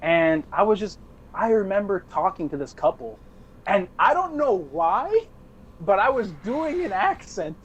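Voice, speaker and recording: A man's voice: high voice, sing-song, a little slow, dull audio, a little hiss or hum. A young man, a podcast co-host, telling a rambling party story in casual chat with restarts and laughs.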